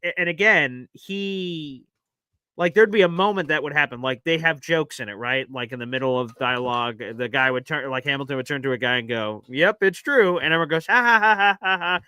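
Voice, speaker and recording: Rambling, bright-voiced man telling stories. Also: medium pitch, a little fast, smooth, dry recording. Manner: rambling storyteller, animated impressions. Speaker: podcast co-host. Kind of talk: casual chat.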